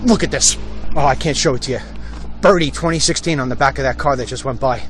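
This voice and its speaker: A man's voice: medium pitch, fast talker, few pauses, noisy background. A middle-aged man hosting a walk-and-talk show, ranting bluntly about politics while walking down a street and talking into a phone. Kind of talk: opinionated live-stream monologue while walking. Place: outdoors on a residential street.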